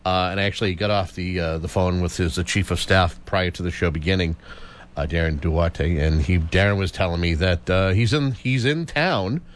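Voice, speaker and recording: A man's voice: low-pitched, normal speed, a little hiss or hum. A man hosting a radio talk show in a studio, talking casually with many restarts. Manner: chatty, animated, frequent restarts.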